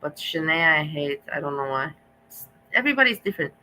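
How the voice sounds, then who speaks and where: A woman's voice: deep voice, lively intonation, brisk, pushed and bright, slight background noise, low-quality recording. A woman reacting on a live stream, talking bluntly and emotionally with frequent laughter.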